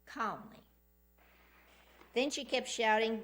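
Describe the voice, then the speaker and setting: A woman's voice: medium pitch, expressive, slow pace. A woman giving a public comment at a city council meeting, insistently recounting an incident in detail from a podium microphone.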